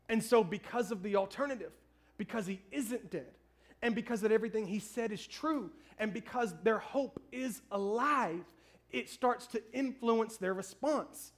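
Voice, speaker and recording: Pastor, man, 30s, very high voice, lively storyteller who pokes fun at himself. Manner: storytelling, animated, self-mocking. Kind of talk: sermon.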